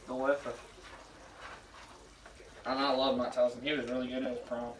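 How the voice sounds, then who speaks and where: A man's voice: mid-range voice, level tone, moderate pace, long pauses. Rambling jokey young man in a kitchen. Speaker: show applicant. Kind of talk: casual audition vlog while cooking. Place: home kitchen. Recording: echoey kitchen, voice from far off, faint noise.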